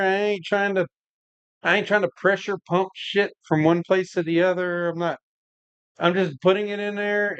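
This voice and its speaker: A man's voice: high-pitched, clean tone, no room sound, lo-fi sound. A man hosting a home brewing livestream, chatting casually and rambling, saying "like" and "man" a lot while he works and answers the chat. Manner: laid-back, rambling, says "like" and "man" a lot.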